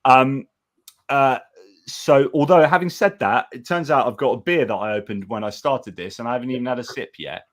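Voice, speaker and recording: A man's voice: medium pitch, normal speed. A man hosting a casual election-night live stream, talking in a rambling way with many restarts and reading out viewer comments.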